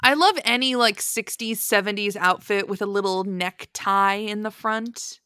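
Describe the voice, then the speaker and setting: A woman co-hosting a casual podcast, giggly and animated, reading listener reviews aloud. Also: mid-range voice, measured pace, smooth, no echo. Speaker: podcast co-host. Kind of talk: casual chat.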